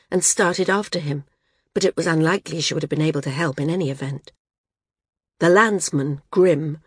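A woman narrating a novel in a measured reading voice, raising her pitch for shouted dialogue. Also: slightly rough, no echo, clean studio sound. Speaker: audiobook narrator. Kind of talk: scripted narration.

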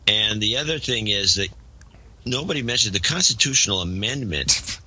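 A man's voice: fairly low pitch, expressive, normal speed, pushed and bright, breathy edge, rough recording. A man co-hosting a talk show, picking apart claims point by point. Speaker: co-host. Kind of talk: casual analytical commentary.

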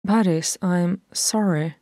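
A woman reader voicing a brash, loud younger sister who teases gleefully, in a fan-read audiobook. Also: lowish voice, slow pace, no echo, clean studio sound. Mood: earnest.

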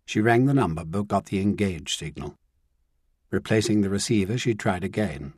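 A man reading a novel aloud as audiobook narrator, measured and even. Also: sits low, husky, no room sound, studio quality.

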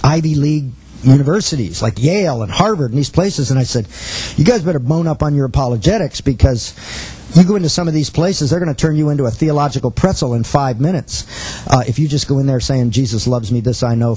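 Husky man telling a story in a teaching talk. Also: fairly high pitch, lively intonation, fast talker, darkish tone, poor audio. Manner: earnest, storytelling, quotes others in dialogue. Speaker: missions teacher.

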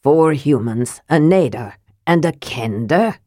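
A woman voicing a proud, deep-voiced dwarf warlord. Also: expressive, unhurried, a little mellow, no room sound, studio quality. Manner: grand, self-important.

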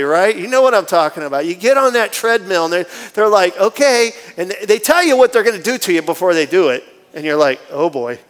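A male pastor with a high voice delivers an animated sermon, playing out little scenes in different voices. The sound carries a long reverb from the church sanctuary around him.

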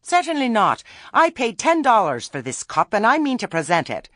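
A man voicing a shrill, haughty woman, a pompous witch in an audiobook. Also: lively intonation, normal speed, pushed and bright, breathy edge, dry recording, studio quality, heavily acted. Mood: indignant. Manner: imperious, indignant.

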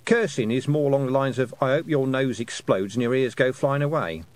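A man voicing a brisk, knowing adult witch woman from a storybook, who lectures slowly and emphatically. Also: mid-range voice, no echo, voice pushed up, lightly acted. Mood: explaining.

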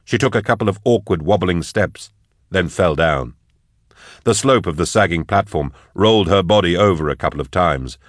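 A man narrating an audiobook in a measured, even way. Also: sits low, no echo, studio quality.

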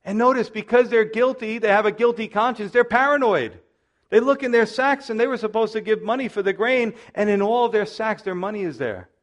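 Man, pastor, high voice, animated verse-by-verse Bible teaching. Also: brisk, highs cut off. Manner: animated, acts out characters' lines with conversational asides.

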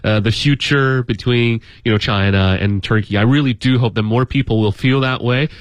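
A man co-hosting a radio talk show in a studio, relaxed and affirming as he asks questions. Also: mid-range voice, normal speed, no room sound. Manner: relaxed, affirming, many mm's. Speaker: radio co-host.

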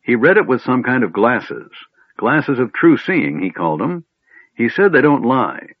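A man voicing a blunt, gruff dwarf. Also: mid-range voice, very animated, measured pace, no room sound, pitched above the performer's own voice. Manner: blunt, matter-of-fact. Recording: tinny phone-like band, dry.

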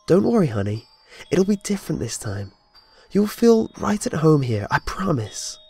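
A man's voice: fairly high pitch, big pitch swings, moderate pace, creaky, a little mellow, breathy edge, soft background music, pitched above the performer's own voice, exaggerated voice. A man voicing a falsely soothing, two-faced female caseworker in a horror story narration.

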